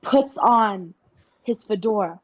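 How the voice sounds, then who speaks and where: A woman's voice: a little high, expressive, takes it slowly, background noise. Crude, playful woman telling a scene. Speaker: tabletop game player. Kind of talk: casual role-play narration. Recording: slightly muffled audio.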